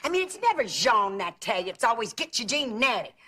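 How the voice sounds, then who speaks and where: An actress playing a chatty, gossipy middle-aged aunt who fusses over how people pronounce words. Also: female voice, mid-range voice, very animated, fairly quick, pushed and bright. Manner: chatty, gossipy, fussy about pronunciation. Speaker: sitcom aunt. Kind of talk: sitcom acting. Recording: noisy old TV sitcom audio.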